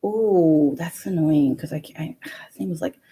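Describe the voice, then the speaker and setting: Woman, low voice, warm tone, casual rambling vlog chat, full of fillers. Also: normal speed, slightly rough, rough recording. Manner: rambling, chatty storytelling with many fillers. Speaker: vlogger.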